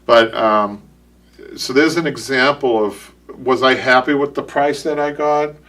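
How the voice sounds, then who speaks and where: A man with a Boston accent chats loosely on a live stream, doubling back on his words as he goes. His voice sits at an ordinary pitch. He sounds a bit distant from the microphone. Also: fairly even intonation, measured pace, fairly bright tone. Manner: rambling, repeats words, self-correcting. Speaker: upholstery shop owner and show host. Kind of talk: casual live-stream chat.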